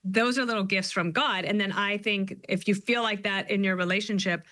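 A middle-aged woman, a guest author, talking in an animated, storytelling way. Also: mid-range voice, dry recording. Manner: animated storyteller, quick asides. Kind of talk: conversational interview.

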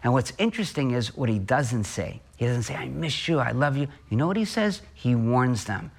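Earnest priest giving a homily. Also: male voice, medium pitch, big pitch swings, gravelly. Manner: earnest, asks and answers his own questions; varies pace, slowing on key phrases.

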